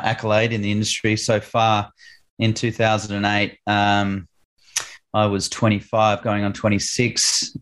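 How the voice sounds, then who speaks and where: Flat-voiced Australian man, hesitant. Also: on the low side. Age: 30s. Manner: hesitant, many ums and restarts. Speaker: musician guest. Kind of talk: casual interview answers.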